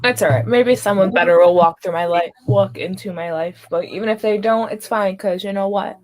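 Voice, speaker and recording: A woman's voice: mid-range voice, a little fast, a little mellow. A young woman co-hosting a casual podcast, easygoing and trailing off at times. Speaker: podcast co-host. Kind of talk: casual chat.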